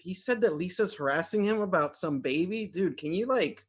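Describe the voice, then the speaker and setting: Guy improvising a fed-up young dude, fairly high, hesitant. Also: lively intonation, normal speed, a little hiss or hum. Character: weary young man stuck at work. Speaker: improv performer. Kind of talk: improvised comedy scene.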